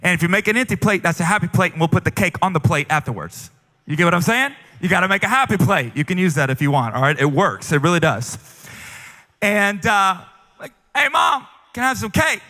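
Bright-voiced pastor in a big echoing hall. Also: male voice, high-pitched, a little fast. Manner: animated storytelling with acted quotes. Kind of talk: sermon. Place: large church auditorium. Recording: long hall reverb from a church stage.

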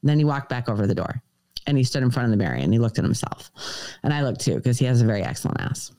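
A woman's voice: very deep voice, lively intonation, rapid-fire, warm tone, no room sound. A woman guest on a podcast, earnestly recounting a personal story and quoting dialogue in shifting voices. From United States.

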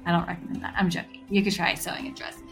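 A woman hosting a podcast, telling a story in a casual, animated way and acting out the voices she quotes. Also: fairly low pitch, very fast, soft background music. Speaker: podcast host.

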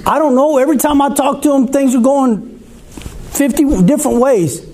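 High-voiced preacher, mellow. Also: male voice, normal speed. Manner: conversational preaching, asks the congregation questions. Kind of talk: sermon.

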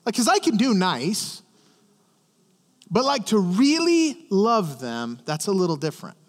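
A man delivers a sermon in a high, animated voice that swoops up and down. He talks to the congregation like a friend, stumbling over repeated words and tossing them questions. His voice rings out with a long reverb, as in a big hall. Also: a little slow. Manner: conversational, stammering restarts, questions to the congregation. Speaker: pastor. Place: church service.

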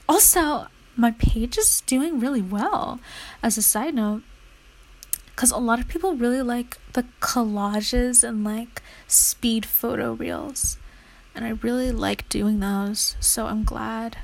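Chatty young woman with a gravelly edge. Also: fairly high pitch, measured pace, low-quality recording. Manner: rambling, chatty, lots of "like", murmurs notes half-whispered. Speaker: vlogger. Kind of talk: casual chat while studying.

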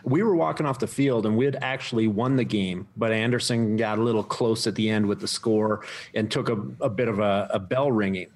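A man's voice: on the low side, fairly quick. A man and former pro football player telling stories in a casual chat, laughing easily as he talks.

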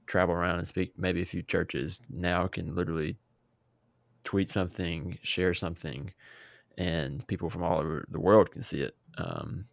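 Low, gravelly man in a dry room. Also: fairly even intonation, dry recording. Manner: thoughtful, pausing with fillers. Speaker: podcast co-host. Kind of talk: casual podcast chat.

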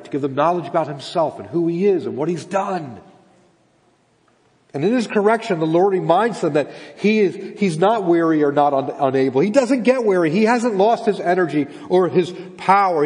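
A man's voice: on the high side, lively intonation, normal speed, a little mellow. A man preaching a sermon as pastor, talking earnestly, asking rhetorical questions and repeating his words. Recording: long reverb of a large hall.

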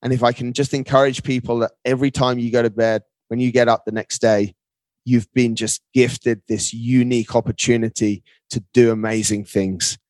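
Guest voice: energetic, emphatic man, frequent "mate", dry close sound. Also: mid-range voice, normal speed, dry recording. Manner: upbeat, emphatic, keeps calling the listener mate. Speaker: guest, marathon runner. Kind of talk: casual interview talk.

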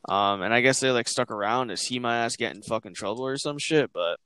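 A man's voice: mid-range voice, a little fast, bright, forceful tone, clear, resonant tone, no room sound. A young man hosting a casual chat, telling a rambling story full of slang and swearing. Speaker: podcast host.

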